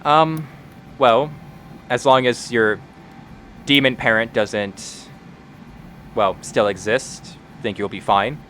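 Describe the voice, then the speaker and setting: A man's voice: medium pitch, slow, pauses often, pushed and bright, slight background noise. A man voicing a wary farm woman who keeps to herself and speaks in a terse, guarded way.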